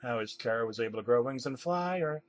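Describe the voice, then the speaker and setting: A man narrating a comedic creepypasta in a deadpan storytelling manner. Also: medium pitch, fairly quick.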